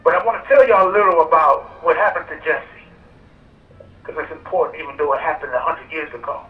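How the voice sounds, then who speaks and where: Guy calling in from prison, slow and deliberate, muffled phone sound echoing outdoors. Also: on the high side, far from the mic. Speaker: death row prisoner calling into a rally. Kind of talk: speech over a prison phone call. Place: prison phone relayed to an outdoor park rally. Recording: muffled phone line played over speakers outdoors.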